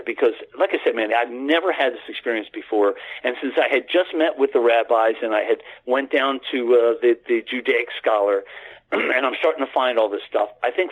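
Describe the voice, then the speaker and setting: Over a tinny phone line, a man from the United States tells a phone-in radio host, whom he addresses by name, a long personal story. He's earnest and rambling with many restarts, speaking in a brisk, mid-range voice.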